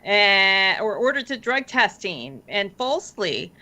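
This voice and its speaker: A woman's voice: mid-range voice, sing-song, a little slow, sharp tone. A woman hosting a casual panel, giving plainspoken, encouraging advice to people in court cases. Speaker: host, family law attorney.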